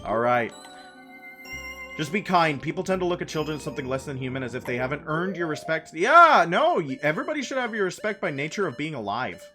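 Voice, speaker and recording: A man's voice: on the high side, very animated, fairly quick, sharp tone. A man streaming a game and chatting casually, telling stories and drifting between topics. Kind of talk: casual chat while gaming on stream. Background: faint game music.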